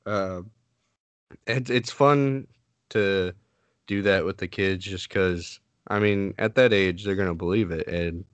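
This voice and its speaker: A man's voice: low voice, takes it slowly, clear, resonant tone, dry recording. A man hosting a podcast, asking questions in an easygoing way and laughing along. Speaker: podcast host. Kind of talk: casual interview chat.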